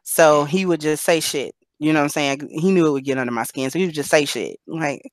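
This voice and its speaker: A woman's voice: low voice, brisk, dry recording. A woman hosting a casual live panel chat, telling personal stories candidly and laughing through her points.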